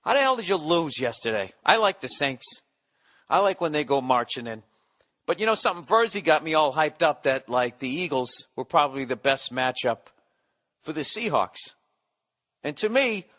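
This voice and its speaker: Podcast host, man in his 40s, from the United States, high bright voice, sarcastic profane rant. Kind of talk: solo comedic rant.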